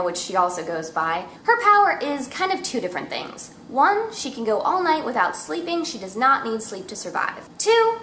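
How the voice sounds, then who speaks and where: A woman's voice: a little high, fairly bright tone, slight background noise. A young woman reviewing books in a casual, chatty way, with self-mocking asides, talking at home. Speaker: book vlogger. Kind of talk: casual book review chat. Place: home room with a cat. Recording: echoey room.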